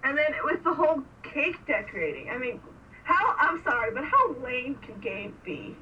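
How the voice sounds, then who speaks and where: A woman's voice: high voice, very animated, moderate pace, sharp tone, recorded from a distance. A woman co-hosting a casual podcast, giggling as she retells a TV episode and acts out the characters' lines. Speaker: podcast co-host. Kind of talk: casual chat recapping a TV episode. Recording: dull lo-fi sound, faint hiss, a bit off-mic.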